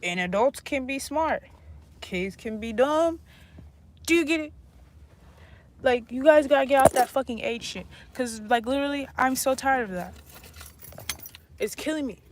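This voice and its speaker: A young woman with a fairly high voice vents straight into her phone in a blunt, profane, exasperated rant. Steady background noise hangs under the phone audio as she walks about. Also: moderate pace, pauses often. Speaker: vlogger. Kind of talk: casual rant to camera. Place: walking around outdoors and indoors with a phone.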